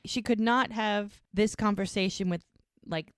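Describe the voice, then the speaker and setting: A woman's voice: mid-range voice, measured pace, clear, resonant tone, dry recording, studio quality. A woman co-hosting a podcast, casually recapping a show episode and retelling each scene by quoting the characters' lines. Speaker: podcast co-host.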